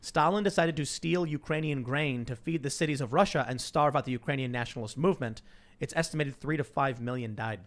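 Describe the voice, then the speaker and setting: A man hosting a podcast, chatting casually and reading viewer messages aloud. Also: mid-range voice. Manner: quick, conversational, uses fillers. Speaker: podcast host.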